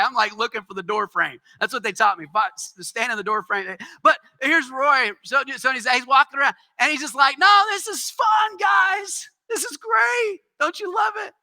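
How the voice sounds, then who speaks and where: A male pastor with a strikingly high voice and a sharp, forceful edge delivering a sermon. He talks in a conversational way with quick asides, then presses hard into emphatic, ringing exhortations. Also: vocal fry. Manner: emphatic preaching that swells into shouted exhortations. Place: church.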